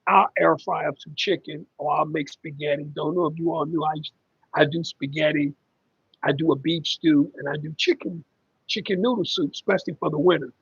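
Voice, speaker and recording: A man's voice: fairly high pitch, fairly even intonation, brisk, gravelly, slightly rough, no echo, dull audio. A middle-aged man hosting a casual livestream about caregiving, rambling and conversational with lots of ums as he reads viewer comments.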